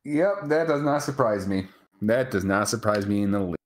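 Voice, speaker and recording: A Wisconsin man co-hosts a casual live chat show in a lowish voice with lively intonation. He's chatty and laughs often, filling pauses with "um" and checking in with "right?".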